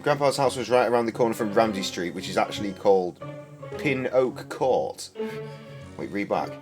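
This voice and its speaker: Sweary game streamer guy, 30s, deep voice, loose rambly chat. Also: animated, moderate pace, over music. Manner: swears a lot, rambling, joking. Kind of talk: casual game stream commentary.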